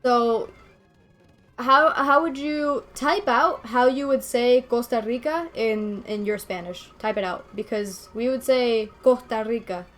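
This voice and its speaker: A woman in her twenties from Venezuela, a game streamer chatting casually and rambling with her viewers, quick to laugh. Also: on the high side, fairly bright tone, faint music behind.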